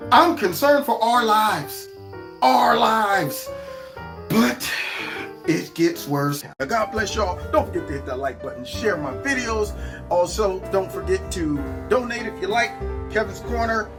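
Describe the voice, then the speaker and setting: Animated mocking man hosting a commentary show. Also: high-pitched, a little slow, over music. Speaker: show host. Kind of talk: reaction commentary on video clips.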